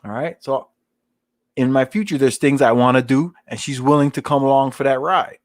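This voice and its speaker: A man's voice: medium pitch, normal speed, no room sound, clean studio sound. A man in his forties hosting his channel, giving casual rambling advice in street slang and often asking "you know what I'm saying". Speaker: channel host.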